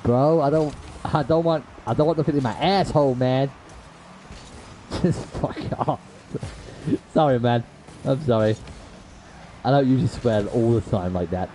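A man's voice: mid-range voice, unhurried, long pauses, mellow, a little hiss or hum, low-quality recording. A man live-streaming a game, chatting with viewers in slangy talk, swearing and raging at plays, then apologizing. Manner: talks straight to chat viewers, slangy with lots of bro. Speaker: gaming livestreamer. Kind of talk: casual live commentary to chat while playing.

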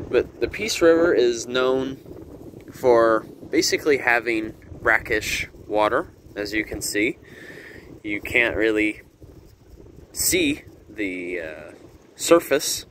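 An easygoing man talks through a walking nature tour in an unhurried, low voice. He explains as he goes and leans on casual fillers. Wind rumbles steadily across the outdoor camera mic. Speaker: nature vlogger. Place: outdoors by a river in a windy garden. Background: wind noise.

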